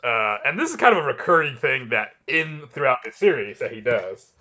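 Brief: forceful bright-voiced man, enthusiastic rambling podcast co-host, muffled mic. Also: medium pitch, very animated, fairly quick. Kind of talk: casual chat.

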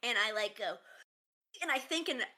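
Woman player, super bright sharp voice, kinda high, sassy and playful. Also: lively intonation, normal speed. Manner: playful, sassy in-character taunts. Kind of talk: casual tabletop play.

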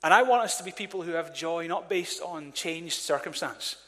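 A man preaching a sermon as pastor, energetic and calling on the congregation to respond. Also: fairly high pitch, moderate pace. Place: church hall. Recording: reverberant church hall.

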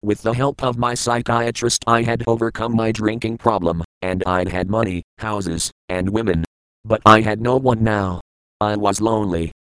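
A man reading an audiobook in the first person, at a measured and reflective pace. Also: lowish voice, fairly even intonation, fairly bright tone, clear, resonant tone, no room sound, low-quality recording. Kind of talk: audiobook narration.

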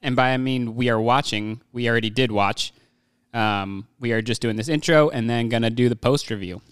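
Upbeat male podcast host, smooth and clear, dry close sound. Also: mid-range voice, moderate pace, no room sound. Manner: upbeat, joking. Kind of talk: casual chat.

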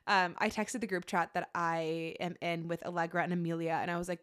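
A woman's voice: lowish voice, flat delivery, fast, few pauses, fairly bright tone, smooth. Chatty pregnant woman hosting a podcast. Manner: chatty, rambling, laughs often. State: heavily pregnant, a bit out of breath. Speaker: podcast host. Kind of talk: casual solo podcast chat.

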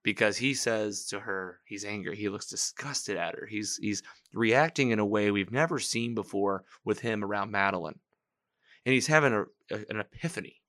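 Low-voiced guy doing a casual podcast watch-along, chatty and animated, quoting scenes. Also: moderate pace. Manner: chatty, animated recapping with laughs and quoted lines. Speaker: podcast host. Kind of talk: casual live-watch commentary.

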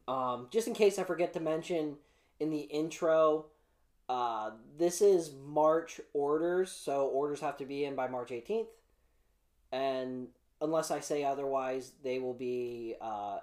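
A young man hosts his own comic preview show as a casual solo vlog, chatting and rambling with plenty of fillers while running through upcoming releases. His voice is a little high and a little mellow.

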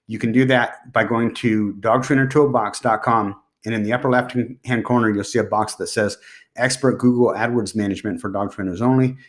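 A man's voice: lowish voice, steady tone, brisk. A man hosting a solo podcast, giving direct, emphatic business advice and repeating his key points. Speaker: podcast host.

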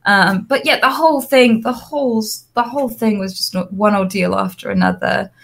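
A young adult woman, an interview guest, telling lively personal anecdotes with frequent fillers and restarts. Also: mid-range voice, normal speed, vocal fry. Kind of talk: casual storytelling.

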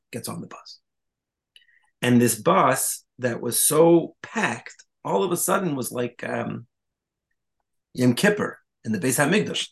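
Gravelly-voiced rabbi giving a Torah talk. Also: male voice, medium pitch, a bit bright. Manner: conversational, quotes and asides, Yiddish-Hebrew terms.

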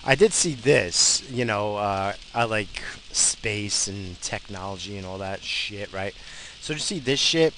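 A man talks loosely and profanely, rambling from topic to topic as he drives. His voice is bright and forward. Faint noise from the car sits behind him. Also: on the low side, lively intonation, a little slow, low-quality recording. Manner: profane, blunt, bursts of road rage. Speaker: podcast host. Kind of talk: casual rambling monologue. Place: in a car while driving.

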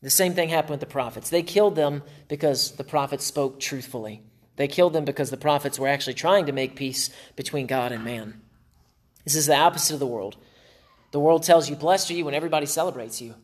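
A man's voice: a little high, a little fast. A male pastor preaching a sermon in an emphatic way, with dry sarcastic humor.

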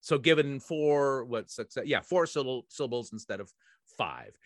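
A man's voice: medium pitch, lively intonation, moderate pace, dry recording, clean studio sound. A man guesting on a podcast, talking about theatre in an emphatic, wry way, full of fillers and restarts. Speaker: guest, theatre director and writer. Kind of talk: casual podcast conversation.

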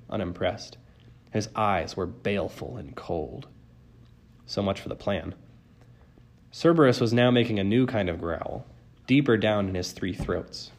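A man narrating a first-person novel as an audiobook in an even, wry storytelling tone. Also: on the low side. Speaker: audiobook reader.

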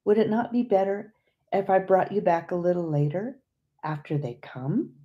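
A woman voicing a kind, gentle man who guides his sister-in-law, speaking softly and patiently. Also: medium pitch, normal speed, lo-fi sound, lightly acted. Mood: gentle, reassuring. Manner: soft and patient.

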